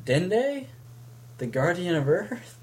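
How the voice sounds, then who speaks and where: A man's voice: high voice, very animated, takes it slowly, a little mellow. A man in casual chat, chiming in with guesses and questions. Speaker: chat partner.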